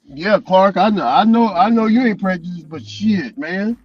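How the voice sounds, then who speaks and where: High-voiced man telling road stories. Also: normal speed, slightly rough, no room sound, highs cut off, soft background music. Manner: loose, profane storytelling with frequent laughs. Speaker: delivery driver vlogger. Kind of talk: casual chat.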